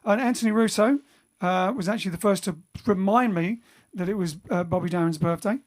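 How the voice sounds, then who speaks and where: A man's voice: high-pitched, brisk, darkish tone. A man hosting a band's livestream, chatting casually and rambling between songs from home. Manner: rambling, chatty, self-correcting. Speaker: bandleader and singer hosting a livestream. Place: home during lockdown.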